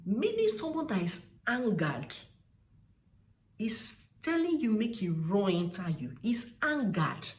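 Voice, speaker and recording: A woman with a Nigerian accent explains local slang in a casual vlog, slowly and with lively pitch. She drags out example phrases for emphasis, and her voice sits back from the mic in a roomy, echoing space. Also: distant mic, slight background noise. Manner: drawn-out, emphatic demonstrations of phrases. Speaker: vlogger teaching slang.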